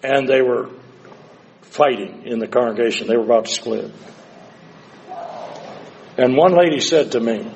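An older man preaching a sermon, moving between hushed, slow passages and loud, dramatic cries. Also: mid-range voice, dull audio.

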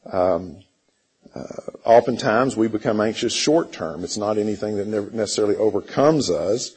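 Husky-voiced man teaching a Bible class. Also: fairly low pitch, a little mellow, rough recording. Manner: halting, with many fillers and throat clearing. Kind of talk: church Bible class lesson.

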